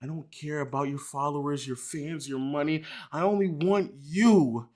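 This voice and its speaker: A man's voice: on the high side, moderate pace, natural voice. A man putting on a sappy lovesick obsessive. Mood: sappy pleading. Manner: soft, sulky, pleading, sappy. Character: lovesick obsessive young man pleading by text.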